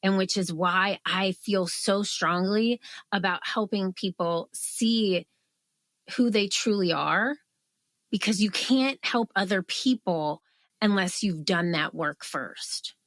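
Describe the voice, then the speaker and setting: A woman in her thirties, a guest on an interview podcast, telling her story in a lively way and acting out her own past outbursts. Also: mid-range voice, slow pace, no room sound. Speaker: guest, author.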